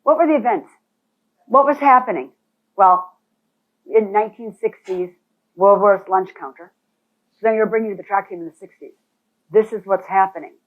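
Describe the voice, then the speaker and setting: A woman of medium pitch leads a real estate boot camp presentation, speaking at normal speed with long pauses. She addresses the audience directly in an animated, emphatic way; the recording has a thin, phone-like quality.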